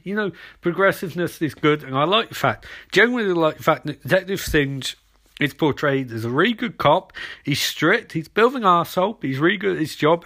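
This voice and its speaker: A man's voice: a little high, a bit bright. A man hosting a podcast, recapping in a rambling, sarcastic way and acting out the characters as he goes. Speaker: podcast host.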